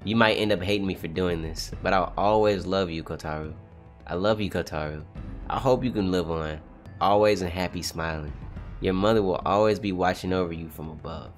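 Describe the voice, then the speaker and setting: A tender, sorrowful mother, read out by a man in a lowered, hushed voice that moves quickly, with faint music underneath. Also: natural voice.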